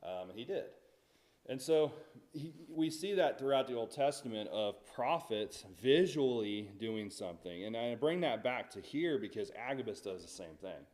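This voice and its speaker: A man's voice: medium pitch, animated, normal speed, darkish tone. A man teaching a Bible study in a church, talking conversationally and asking the class questions.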